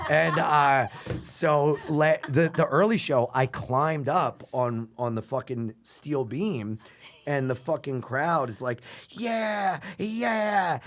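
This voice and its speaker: Man, comedian, casual podcast chat, animated storytelling, swears a lot. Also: mid-range voice, takes it slowly, dry recording. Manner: animated, swears, voice rises when excited. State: out of breath when retelling.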